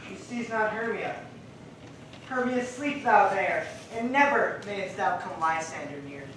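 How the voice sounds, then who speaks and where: An impulsive, ardent young man in love, played by an actor, with a bright, forceful voice. He speaks rhyming verse from far back in a very echoey space, with faint noise behind. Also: medium pitch, expressive, measured pace. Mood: resolute. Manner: ardent verse with sudden loud outbursts. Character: impulsive young male lover, ardent and rash. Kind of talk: stage play acting. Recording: distant echoey stage recording, noisy.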